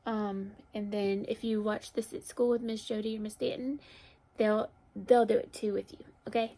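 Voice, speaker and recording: A woman teacher reading a picture book aloud to young children in a sing-song storybook voice, with high excited calls and gentle, encouraging questions. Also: moderate pace.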